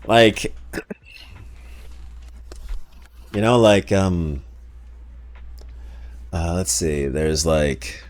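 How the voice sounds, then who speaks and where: Rambling, low-voiced man streamer. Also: lively intonation, drawn-out words. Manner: rambling, joking, many fillers. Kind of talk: casual live-stream chat.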